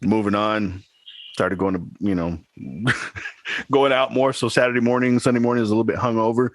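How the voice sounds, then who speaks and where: Low-voiced man telling a rambling story. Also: fairly even intonation, fairly quick, dry recording. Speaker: podcast co-host. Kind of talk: casual chat.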